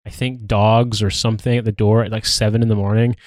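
A man's voice: lowish voice, flat delivery, a little fast, darkish tone, no room sound, studio quality. Sardonic, profane male podcast co-host. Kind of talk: casual chat.

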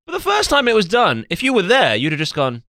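Bright, lively man ranting. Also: high voice, quick pace, no room sound, studio quality. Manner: sweary, emphatic rants. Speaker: podcast panelist. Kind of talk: comedic panel chat.

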